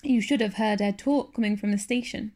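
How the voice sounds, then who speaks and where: A woman voicing a shy, gentle older farmer who speaks hesitantly and stammers. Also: mid-range voice, a little fast, natural voice.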